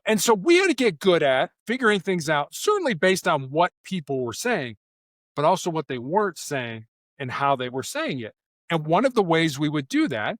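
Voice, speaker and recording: Brief: man as interview guest, lively pitch, a touch high, dry close mic, acts out quotes in voices. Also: dry recording. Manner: animated, acts out quoted lines in character voices. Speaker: guest, former SWAT officer. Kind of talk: storytelling interview answers.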